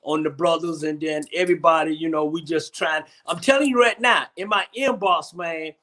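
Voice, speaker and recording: A man's voice: a little high, normal speed, sharp tone. A man hosting a casual comedic chat show, rambling and repeating himself. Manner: rambling, repeats himself, Southern Black vernacular. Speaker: host.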